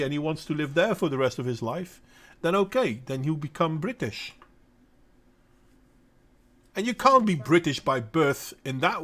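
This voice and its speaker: A man's voice: a little high, a bit bright. A middle-aged Dutch man with a Dutch accent who hosts a casual talk and answers viewers by name. He speaks bluntly and with emphasis, and sometimes stops to search for a word. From Netherlands. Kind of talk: casual opinionated monologue.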